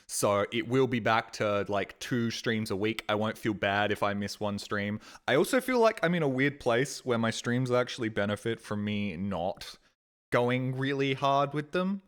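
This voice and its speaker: A man's voice: medium pitch, expressive, moderate pace, clear, resonant tone. A man chatting casually on a live stream, rambling and swearing with a self-deprecating edge, talking from a desk mic at home.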